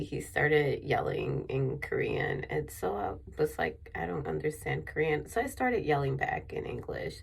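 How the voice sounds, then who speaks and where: A woman with a low, husky voice and a gravelly creak tells a personal story at an unhurried pace. She rambles and restarts often, and she sounds emotional, close to tears. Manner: rambling, with many restarts and fillers. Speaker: vlogger.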